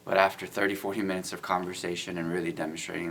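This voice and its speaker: A man's voice: sits low, little pitch movement, fast, hardly any pauses, fairly bright tone, slight background noise. A middle-aged man telling of his faith and street outreach in an earnest, casual way, often saying "you know". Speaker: guest, IT business owner. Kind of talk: casual testimony.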